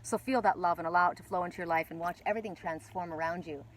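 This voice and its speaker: Excitable woman reading oracle cards. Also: on the low side, racing, slight background noise. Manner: excitable, breaks into gasps and exclamations. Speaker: oracle card reader. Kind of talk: live oracle card reading outdoors. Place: outdoors by water.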